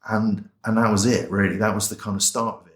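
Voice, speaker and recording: Over music in an echoey room, a fairly low, level-toned English chaplain talks fast. He's an interview guest telling his testimony as a story, plain-spoken and colloquial, and acts out the dialogue he recalls.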